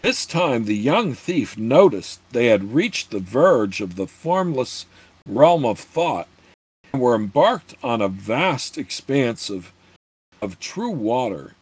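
A man's voice: mid-range voice, breathy edge, dry recording. A man reading a fantasy novel aloud in a hesitant way, often stumbling and restarting words. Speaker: narrator.

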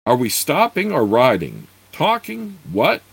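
A man's voice: on the high side, wildly swooping pitch, measured pace, vocal fry, husky, pitched above the performer's own voice, exaggerated voice. Guy putting on a growly warrior, impatient, snapping questions. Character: gruff dark male warrior, impatient.

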